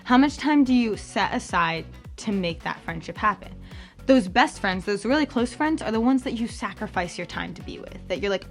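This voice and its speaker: A young adult woman hosts a campus ministry podcast in casual, bubbly chat. She talks at an ordinary pitch, filling her lines with ums and likes, and leaps up high whenever she quotes someone. Soft music plays faintly behind her. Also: expressive, moderate pace. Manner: chatty and bubbly, lots of fillers, jumps up high for quoted voices.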